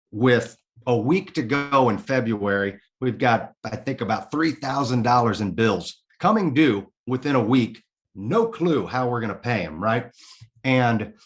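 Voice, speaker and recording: Male interview guest, mid-pitched voice, frank and heartfelt, drops casual curses. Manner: candid and earnest, swears casually. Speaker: podcast guest. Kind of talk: personal storytelling in an interview.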